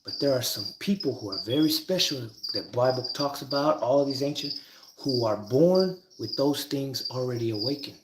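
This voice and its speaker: A man teaching about spiritual ideas in a casual, rambling monologue, swearing freely, restarting sentences, and getting loud and excited when he makes a point. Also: mid-range voice, moderate pace. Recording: echoey, with bird and cricket noise.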